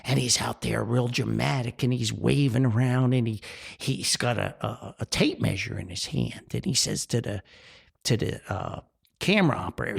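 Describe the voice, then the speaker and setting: An older man from New with a gravelly, creaky voice delivers a grumpy podcast rant. His pitch swings widely as he talks, and he sounds exasperated and laughs often. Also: sing-song, moderate pace. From Paterson, New Jersey. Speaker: podcast host.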